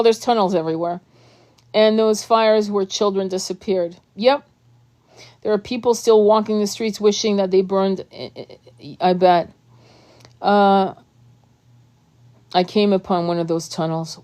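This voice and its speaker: A woman tarot reader and spiritual channeler giving a heated, profane live-stream monologue full of rapid asides. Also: mid-range voice, darkish tone.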